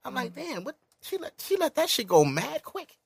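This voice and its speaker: Animated, profane man telling a story. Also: very high-pitched, normal speed, creaky, husky, no echo. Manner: animated, profane, laughs through his story. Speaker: podcast host. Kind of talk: casual storytelling chat.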